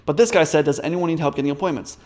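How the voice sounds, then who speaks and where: A man's voice: on the high side, very fast, darkish tone. A man telling a business story in a casual, rambling way, with many fillers and restarts. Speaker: business coach.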